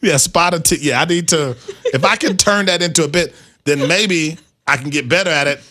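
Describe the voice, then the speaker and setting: Male sports radio host, bright voice, halting self-mocking chatter. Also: on the high side. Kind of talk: casual sports radio chat.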